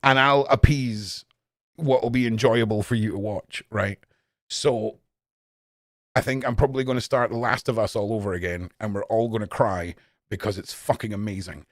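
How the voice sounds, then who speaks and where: A young man chatting casually and profanely on a live stream, jumping between loud outbursts and low mutters. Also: steady tone, normal speed, no echo, clean studio sound. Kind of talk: casual rambling stream chat.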